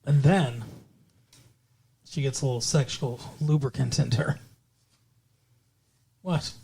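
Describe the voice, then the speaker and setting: A woman's voice: very deep voice, slow, gravelly, long pauses, a little mellow, a little hiss or hum. A woman co-hosting a podcast, recapping a TV episode in casual chat, sarcastic and teasing, swearing and laughing often. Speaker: podcast co-host.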